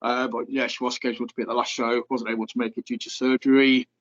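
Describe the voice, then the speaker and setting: A man's voice: mid-range voice, level tone, quick pace, dull audio. A man co-hosting a podcast, talking casually and rambling with plenty of fillers. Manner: rambling, filler-heavy, chatty. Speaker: podcast co-host. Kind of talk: casual chat.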